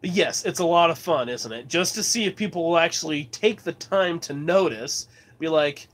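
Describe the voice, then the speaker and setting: A man's voice: a little high, moderate pace, a little hiss or hum. A man from Colorado chatting casually as host of his livestream, rambling and laughing often. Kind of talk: casual chat.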